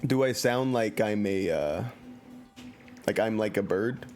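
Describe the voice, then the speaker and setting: A man's voice: on the low side, animated, a little slow, darkish tone, soft background music. A man giving casual, joking commentary while streaming a story game and reading chat aloud, into a computer mic at home.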